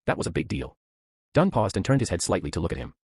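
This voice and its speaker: A man with a very deep, slightly husky, darkish voice narrates a summary of a novel chapter. He reads quickly in a sing-song way, his pitch rising and falling a lot. The recording is dry and close.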